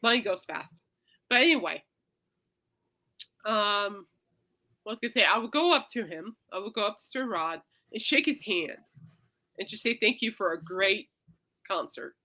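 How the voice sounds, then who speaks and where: This woman hosts her own podcast, speaking at a medium pitch and moderate pace with frequent pauses. She tells wandering stories in a relaxed chat, animated and shifting between loud and soft, and calls her audience "people."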